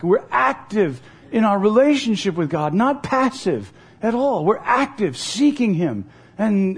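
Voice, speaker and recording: A man's voice: on the high side, a little mellow, husky. A middle-aged man pastor preaching a sermon in an earnest, conversational way, telling personal stories.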